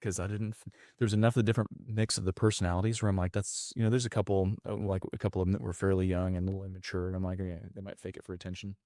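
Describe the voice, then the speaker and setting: A man's voice: sits low, flat delivery, racing, hardly any pauses, dark tone, dry recording, studio quality. A man telling a long personal story in casual chat, with many restarts and fillers. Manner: rambling, frequent restarts and fillers.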